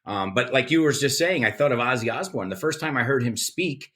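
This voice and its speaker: A middle-aged man with an animated, playful way of talking, a guest in a casual interview. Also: medium pitch, brisk. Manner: animated storyteller, playful, lively delivery. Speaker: guest, English teacher and radio presenter.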